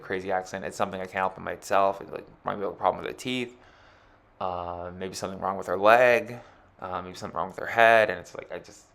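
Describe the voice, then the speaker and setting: A man's voice: low voice, vocal fry, fairly bright tone. A man giving a rambling, casual astrology chart reading, full of filler words.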